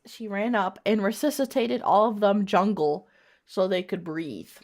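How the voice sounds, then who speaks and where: A woman's voice: medium pitch, measured pace, darkish tone. A woman streamer reading bad fanfiction aloud, breaking off for mocking, profane asides.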